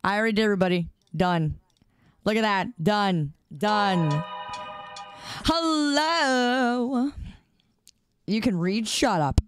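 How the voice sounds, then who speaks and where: A woman's voice: medium pitch, lively intonation, slow pace, long pauses, faint music behind. A woman streamer chatting casually and playfully with her live chat, greeting viewers by name in a sing-song way.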